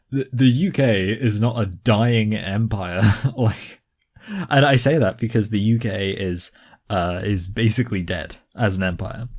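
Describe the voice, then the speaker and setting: Guy reacting to videos, lowish voice, lots of likes and ums, rambly and annoyed. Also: darkish tone. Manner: rambling, filler-heavy, exasperated. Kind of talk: casual reaction commentary.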